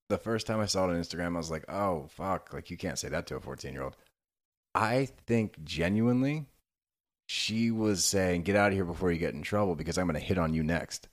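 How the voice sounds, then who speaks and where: A man co-hosting a podcast, giving strong opinions on a reality show in casual chat, with swearing. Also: low-pitched. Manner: opinionated, swears, acts out quoted lines. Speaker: podcast co-host.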